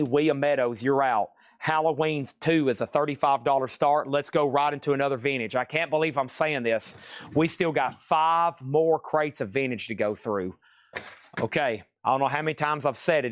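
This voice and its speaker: A man hosting a live online record sale, firing off prices and titles in quick, excitable patter. He keeps breaking into exclamations. His voice sits close and dry, with no room sound around it. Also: medium pitch, dry recording. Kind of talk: live-stream sales patter.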